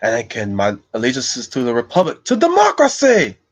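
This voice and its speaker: A man's voice: mid-range voice, wildly swooping pitch, a little fast, voice pushed up. Obi-Wan, a formal space knight, as a man puts him on. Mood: earnest. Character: calm noble male space knight.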